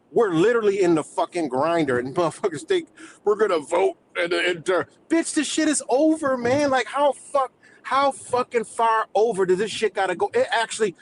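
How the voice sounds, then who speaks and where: A man goes off in a fired-up, profane rant on his own livestream. He talks in loose streetwise slang and keeps his voice a touch high. A faint low rumble sits under the recording. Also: low-quality recording. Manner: heated, swearing, streetwise slang, laughs between points. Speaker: livestream host.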